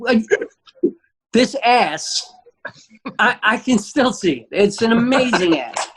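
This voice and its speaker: A man, a guest comedian telling an animated, profane story and acting out the quotes. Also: very high voice, takes it slowly, noisy background.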